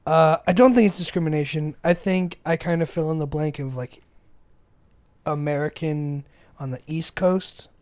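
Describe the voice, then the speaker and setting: A man's voice: on the high side, normal speed, a little mellow, dry recording. A man co-hosting a podcast in casual chat, goofy and jokey, swearing freely. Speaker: podcast co-host.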